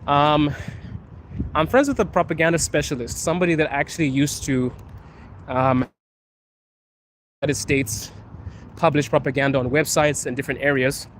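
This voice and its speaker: A man's voice: fairly high pitch, fairly even intonation, normal speed, pauses often. Laid-back man live-streaming on the street. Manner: laid-back, laughs often, calls viewers bro. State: coughing from allergies. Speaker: live streamer answering viewer questions. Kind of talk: casual live-stream chat. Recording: faint street and traffic noise.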